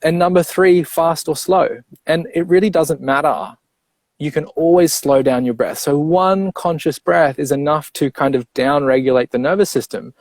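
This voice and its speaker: A man coaching on breathing, explaining step by step in a clear, teacherly way and checking in with the listener as he goes. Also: on the high side, normal speed, a little mellow, dry recording. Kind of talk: explanatory interview talk.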